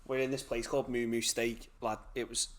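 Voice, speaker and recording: A young man co-hosts a podcast in casual chat. He talks quickly and tells his stories with lots of swearing, slipping into the voices of the people he quotes. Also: medium pitch. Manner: swearing, animated storytelling with acted-out quotes. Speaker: podcast co-host.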